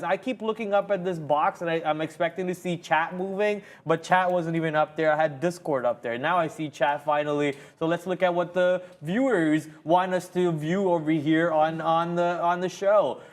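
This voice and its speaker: A man with a fairly high voice hosts a live day-trading stream from a studio. He talks in an upbeat, playful and chatty way, walking through charts and reading the chat. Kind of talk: live market commentary.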